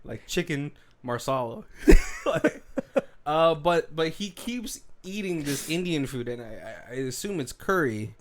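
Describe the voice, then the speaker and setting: A man's voice: a little high, animated, measured pace, a little hiss or hum. A man co-hosting a movie commentary podcast, recapping scenes in casual chat and laughing often. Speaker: podcast co-host.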